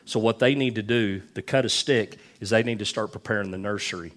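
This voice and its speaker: A man's voice: on the low side, fairly quick, a bit bright. A middle-aged man preaching a sermon, telling folksy stories with lots of repetition. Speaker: pastor.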